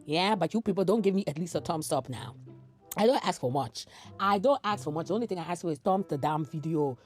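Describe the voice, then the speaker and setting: Brief: woman host, reaction commentary, lively swooping voice, quick exclamations. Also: fairly low pitch, soft background music. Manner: animated, exclamatory, laughing between remarks.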